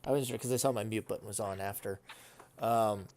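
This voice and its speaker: A man in a casual online gaming chat, talking in a measured way and weighing players' strengths with hedged opinions. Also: lowish voice, steady tone, darkish tone, a little hiss or hum. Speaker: co-commentator.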